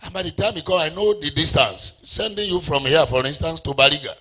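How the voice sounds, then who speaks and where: A man's voice: a little high, brisk, sharp tone, breathy edge. A middle-aged Nigerian man preaching a sermon as pastor, calling out to the congregation and singing out phrases. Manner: call-and-response preaching, sings phrases.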